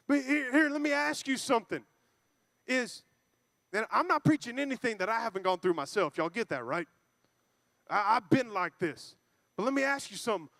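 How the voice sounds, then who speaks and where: A man preaching a lively, joking sermon to a church congregation, acting out quoted voices. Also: very high voice, fairly quick, creaky, dry recording, clean studio sound. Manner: playful, acts out quoted voices.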